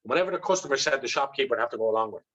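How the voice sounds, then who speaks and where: A man's voice: mid-range voice, animated, very fast, a bit bright. A blunt Irish man telling candid stories as an interview guest, swearing freely and talking with animation. The recording is dull and lo-fi, with the top end rolled off. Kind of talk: candid storytelling.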